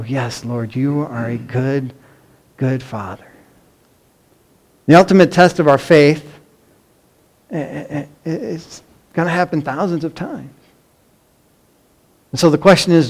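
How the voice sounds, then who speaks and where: Earnest preaching man, fairly high voice. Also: moderate pace, pauses often. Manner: earnest, emphatic preaching with rhetorical questions. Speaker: pastor. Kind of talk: sermon.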